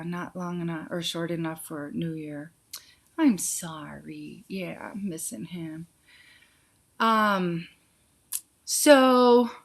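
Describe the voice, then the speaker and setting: With a fairly low-pitched voice, a woman chats casually on a live stream where she does psychic Q&A. She reads viewer questions out loud, answers each with a swift intuitive yes or no, and calls people sweetie and honey.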